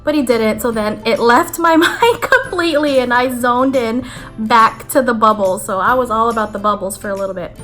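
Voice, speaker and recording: A young woman talks straight to camera in a casual vlog, her voice sitting a little on the high side. She tells her story in a chatty, animated way, full of "like" fillers. Soft music plays faintly underneath. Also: moderate pace. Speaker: vlogger. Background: faint background music.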